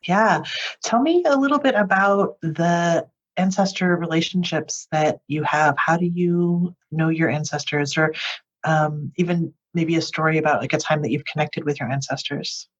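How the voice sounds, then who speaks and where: A podcast host asking questions and reflecting thoughtfully, often pausing to search for words. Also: mid-range voice. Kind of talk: interview conversation. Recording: muffled lo-fi audio.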